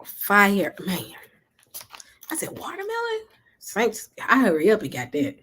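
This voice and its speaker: A woman's voice: mid-range voice, big pitch swings, slow, a bit bright, a little hiss or hum. A woman from Memphis with a Southern accent, chatting and rambling casually on a livestream while reading comments. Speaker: livestream host.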